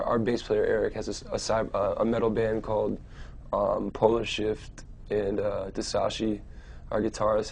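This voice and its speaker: A young adult man answering interview questions casually, rambling and relaxed, with many fillers and restarts. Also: lowish voice, vocal fry, breathy edge. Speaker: musician being interviewed.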